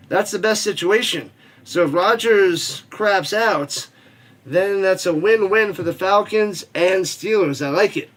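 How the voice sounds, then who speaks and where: A man hosting a football watch party stream, chatting casually, joking, reading viewer messages and calling the plays. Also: high-pitched. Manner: rambling, joking, reads chat messages aloud. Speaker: watch party host and play-by-play caller. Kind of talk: casual live-stream chat with play-by-play.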